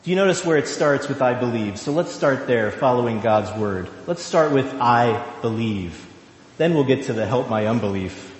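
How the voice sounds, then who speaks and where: A male pastor giving a sermon, slow and emphatic, with drawn-out phrases. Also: a little high. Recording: echoey hall.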